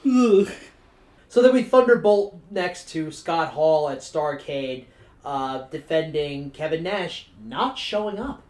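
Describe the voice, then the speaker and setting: A woman's voice: sits low, expressive, takes it slowly, a little mellow. A woman co-hosting a podcast, playfully recapping wrestling with plenty of profanity. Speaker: podcast co-host. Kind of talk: casual wrestling recap chat. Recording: roomy echo.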